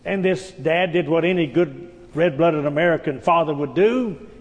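Male pastor, high voice, storytelling sermon style, recorded in an echoing hall. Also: moderate pace, lo-fi sound. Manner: folksy storytelling preacher, frequent amens.

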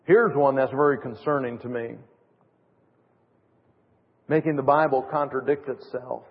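A man's voice: mid-range voice, unhurried. A man preaching a sermon in an emphatic way, with sarcastic mock quotes. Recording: tinny phone-like audio in a reverberant hall.

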